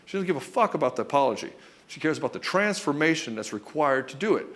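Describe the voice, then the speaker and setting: A man coaching husbands in a blunt, profane way, often acting out quick back-and-forth exchanges between a husband and his wife. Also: fairly high pitch, lively intonation, fairly bright tone. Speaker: relationship coach. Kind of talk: direct-to-camera coaching talk.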